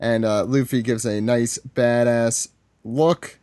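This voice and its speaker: Man, podcast panelist, joking recap, slow pace, dry close sound. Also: medium pitch, steady tone, darkish tone, no room sound. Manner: joking, laughs often, many fillers. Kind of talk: casual manga recap chat.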